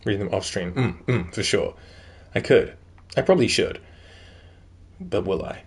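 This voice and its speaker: Reading in-game notes aloud during a video game stream, a man chats casually and rambles, filling his speech with "like" and "um." His voice is on the low side with a breathy edge, and he speaks at a normal speed.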